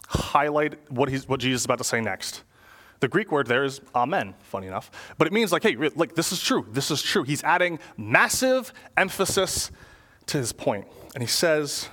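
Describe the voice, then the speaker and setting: A young adult man preaching a sermon in church, casual and animated, using slang and frequent rhetorical questions. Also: a little high, normal speed. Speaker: pastor.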